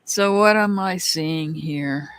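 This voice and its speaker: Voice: mid-range voice, slow pace, fairly bright tone, smooth, no room sound. A tarot reader giving a casual live-stream reading, chatty and calling out viewers by name.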